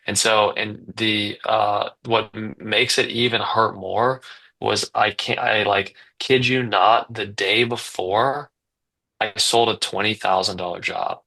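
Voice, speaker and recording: A man's voice: on the low side, fairly even intonation, slow pace, vocal fry, pushed and bright, poor audio. A man in his twenties, a guest telling a story in a casual podcast chat, rambling with lots of fillers and restarts. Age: 20s. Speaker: guest, business owner.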